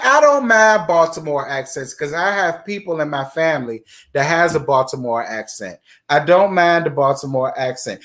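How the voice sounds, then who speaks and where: Animated man, raised pitch. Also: normal speed, hardly any pauses. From Virginia, USA. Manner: animated and chatty, talks with emphatic repetition. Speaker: host of a live chat stream. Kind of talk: casual livestream chat, reading viewer comments.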